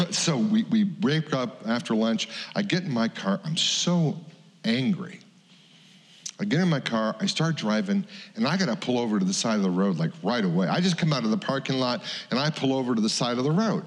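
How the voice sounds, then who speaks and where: A man's voice: mid-range voice, very animated, moderate pace. A middle-aged male pastor telling a personal story in a sermon, candid and confessional, acting out what people said. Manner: candid, confessional, acts out quotes. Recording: long hall reverb.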